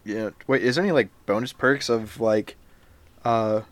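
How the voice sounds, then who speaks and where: A man's voice: on the low side, normal speed, dry recording. A young man co-hosting a podcast, laid-back and agreeable, bantering in slang about video games. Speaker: podcast co-host. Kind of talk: casual gaming chat.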